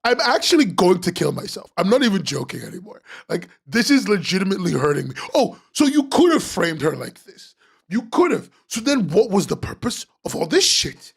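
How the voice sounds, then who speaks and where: A man's voice: sits high, very animated, a little fast, creaky, breathy edge. A man hosting a webcomics podcast, ranting sarcastically as he critiques comic pages, swearing and laughing.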